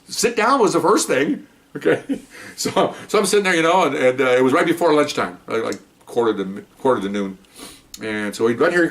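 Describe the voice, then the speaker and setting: A retired police officer in his sixties, telling a courtroom anecdote in a jokey, animated, chuckling way. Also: mid-range voice.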